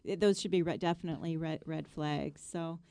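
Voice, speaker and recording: A woman hosts a gardening radio talk show, chatting loosely with plenty of "you know"s. Her voice is smooth and resonant, recorded close and dry in the studio. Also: low voice, fairly even intonation, fairly quick, warm tone, dry recording. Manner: chatty, rambling, many fillers. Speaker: radio show host, landscape designer.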